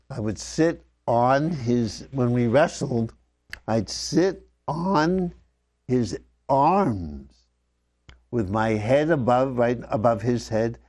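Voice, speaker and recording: Slow, reflective older man recounting memories. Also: mid-range voice. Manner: slow, reflective, often dropping softly. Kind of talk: personal storytelling addressed to his father. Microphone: wired microphone.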